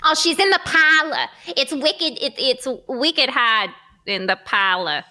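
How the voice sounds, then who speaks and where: A woman's voice: sharp tone, full character voice. A woman voicing a prim, easily embarrassed young eldest sister with a mock Boston accent, in a comic reading of a radio drama. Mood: gossipy. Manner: fussy, scolding, slow and high. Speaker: cast reader.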